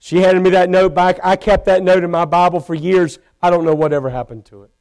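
A man preaching a sermon in a church, telling his own story with feeling and rising to loud pleading. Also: high-pitched, level tone, fairly quick. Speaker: pastor. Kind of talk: sermon testimony. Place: church sanctuary.

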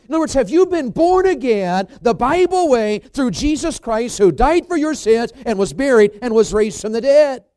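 A man delivers an emphatic church sermon in a notably high voice. His delivery swings from loud, pressing questions to quiet, gentle asides. The recording is dry and close. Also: dry recording. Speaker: evangelist preacher. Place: church service.

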